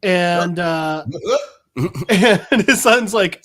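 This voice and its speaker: A man in his thirties chats casually on a podcast as he retells a comic book. He slips into quick voices for each character and laughs often, keeping it loose and conversational. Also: high voice, fairly bright tone. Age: 30s. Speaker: podcast co-host.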